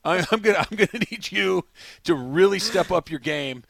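A man's voice: high voice, expressive, moderate pace, creaky, a bit bright, dry recording, studio quality. A man co-hosting a sports talk show in casual, joking banter. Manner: joking, does comic Boston-accent impressions. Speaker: co-host.

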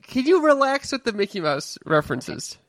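Joking Chicago comic on a podcast. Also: male voice, high voice, big pitch swings, moderate pace, a bit bright, no echo. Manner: joking, self-deprecating. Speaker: podcast co-host, stand-up comic. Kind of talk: casual podcast banter.

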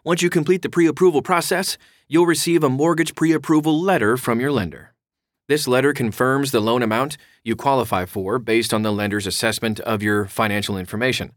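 A man reading a home-loan explainer aloud in a clear, instructive way, with casual asides. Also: medium pitch, fairly even intonation, fairly quick, no room sound, clean studio sound. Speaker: mortgage explainer.

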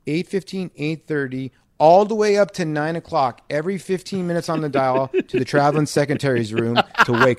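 A man co-hosting a podcast, telling a rambling, profane anecdote in a loose, animated way. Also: mid-range voice, dry recording. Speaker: podcast co-host, former pro ballplayer. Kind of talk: casual storytelling chat.

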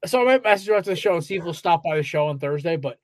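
A man's voice: a little high, animated, very fast, no room sound. A man co-hosting a casual sports podcast, ranting with heavy profanity. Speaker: podcast co-host.

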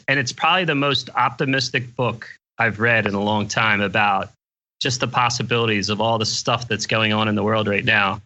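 A man's voice: mid-range voice, sharp tone. An older man, a guest investor on a podcast, answering questions in an easygoing, plain-spoken way. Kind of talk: casual interview chat.

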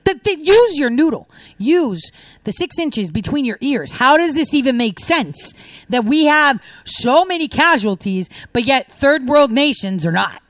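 A woman's voice: high-pitched, big pitch swings, measured pace, no room sound. A woman hosting her own commentary video, talking in a sarcastic, ranting way with scornful laughs. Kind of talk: casual monologue reacting to news clips.

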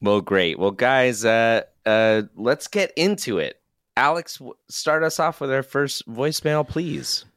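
A man hosting a casual podcast, relaxed and quick to laugh, with plenty of fillers. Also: medium pitch, no room sound, studio quality. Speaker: podcast host.

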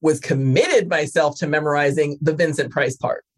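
A woman's voice: low-pitched, normal speed. A woman co-hosting a casual movie podcast, blunt and profane with a wry humor. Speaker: podcast co-host.

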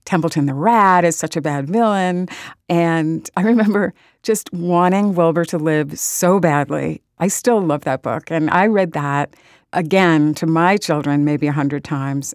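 A middle-aged woman with a low-pitched voice talks as an author in an interview. She is earnest and enthusiastic. The recording is dry and close, with no room sound. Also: a little mellow, no echo. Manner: earnest and enthusiastic, emotional about audiobooks. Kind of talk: answering interview questions.

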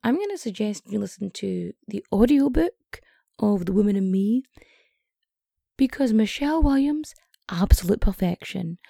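Woman, podcast host, gravelly hoarse voice, very dark tone, chatty rambling asides. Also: medium pitch, no room sound, clean studio sound. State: voice getting hoarse. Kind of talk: casual comedic storytelling.

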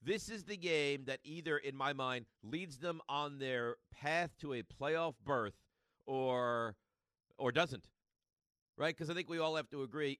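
A man's voice: medium pitch, pushed and bright, dry recording. A man hosting a sports talk radio show, delivering an emphatic monologue and repeating his points for effect.

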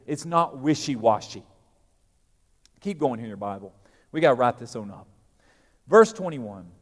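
A man preaches a sermon, his voice sitting a little high for a man. He swings between loud emphatic peaks and quiet, dropped asides. A long church reverb trails behind his words. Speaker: pastor.

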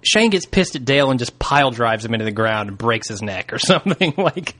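A man's voice: medium pitch, expressive, brisk, fairly bright tone. A man co-hosting a podcast, chatting casually in a laid-back way with brief replies. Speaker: podcast co-host. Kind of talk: casual chat.

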